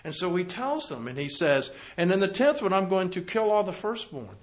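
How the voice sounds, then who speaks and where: High-voiced preacher, loud then hushed. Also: male voice, big pitch swings, normal speed. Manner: swings from loud emphatic reading to low quiet asides; rhetorical questions to the congregation. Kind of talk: sermon reading and explaining scripture.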